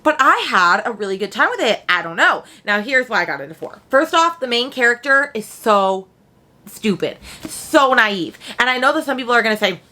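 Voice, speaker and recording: A woman's voice: a little high, very animated, normal speed, sharp tone. A woman, chatting casually at home in a book vlog, rambling and full of slang. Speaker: book vlogger.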